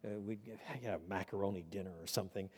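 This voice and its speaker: A man preaching an expository sermon, animated and emphatic, often repeating words as he builds momentum. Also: low voice, fast talker, husky. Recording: echoey hall.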